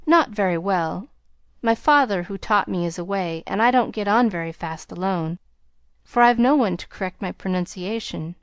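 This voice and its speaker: A woman reading the lines of a shy, sincere young woman in an audiobook, soft-spoken and timid. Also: mid-range voice, animated, normal speed, smooth, no echo, studio quality, natural voice. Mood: bashful.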